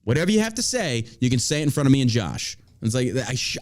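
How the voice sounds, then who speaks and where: A man's voice: mid-range voice, very animated, fast talker. A man hosting a casual talk show, ranting with energy and mocking people in put-on voices. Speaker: podcast host. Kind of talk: casual profane chat.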